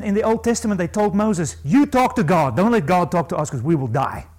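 Male preacher, high and very lively pitch, emphatic sermon delivery, questions to the congregation. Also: rough recording. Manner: emphatic, swings from low asides to high ringing stresses.

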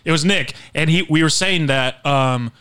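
Deadpan man, dry close sound. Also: a little high, moderate pace, clear, resonant tone, no echo. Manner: deadpan, swears, throws out absurd questions. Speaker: podcast co-host. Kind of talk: casual comedic chat.

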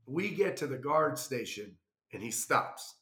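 At a measured pace and medium pitch, a man rambles through a lengthy travel mishap as casual storytelling. He livens it up by acting out what others said, with a roomy echo around him.

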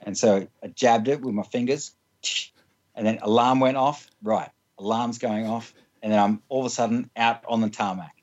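This guest speaks in a mid-range, darkish voice with fairly even intonation and a moderate pace, recorded with highs cut off. He loosely tells funny personal anecdotes in casual storytelling, laughing frequently and peppering them with "like" and restarts.

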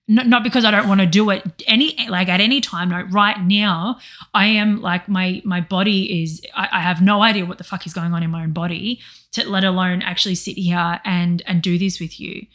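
A woman's voice: lowish voice, fairly even intonation, fairly quick, a bit bright. A woman co-hosting a podcast, talking in a rambling, emotional way, with many restarts and some swearing. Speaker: podcast co-host. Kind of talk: casual chat.

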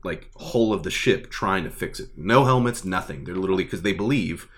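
A man chatting casually and excitedly about a tabletop game, rambling with lots of fillers. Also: low-pitched, fairly quick. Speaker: tabletop gaming enthusiast. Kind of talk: casual chat.

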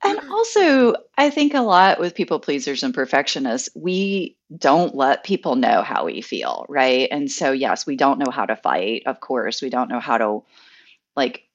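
Low gravelly woman on a dull line. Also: big pitch swings, a little slow. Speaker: coach. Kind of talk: casual podcast conversation.

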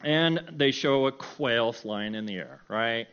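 A middle-aged man telling a personal story in a sermon, animated and self-mocking, often breaking into laughter. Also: mid-range voice, slow pace, smooth, dull audio. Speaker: preacher.

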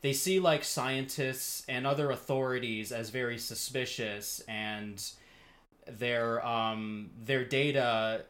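A man co-hosting a casual podcast, explaining ideas in a measured way and often pausing on fillers while he searches for words. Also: medium pitch, fairly even intonation, fairly bright tone. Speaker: podcast co-host.

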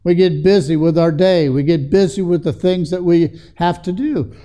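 A man's voice: on the high side, fairly even intonation, moderate pace, hardly any pauses, warm tone. A man preaching a sermon in an earnest way that builds to emphatic passages.

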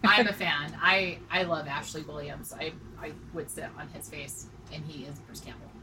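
A woman in her forties co-hosting a casual chat, joking and bawdy, telling stories with animated energy. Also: deep voice, normal speed, a little hiss or hum, poor audio. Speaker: podcast co-host.

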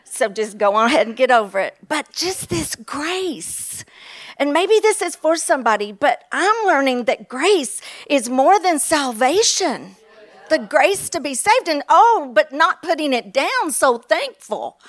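A Kentucky woman in her fifties, with a Kentucky accent, preaches a fervent sermon full of exclamations and drawn-out words. Her voice sits high and swings widely in pitch.

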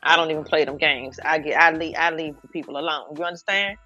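A woman co-hosting a casual chat, telling a personal story in a halting way. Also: sits low, fairly even intonation, bright, forceful tone, muffled recording, faint music behind. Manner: halting, with many restarts and fillers while telling a story. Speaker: podcast co-host.

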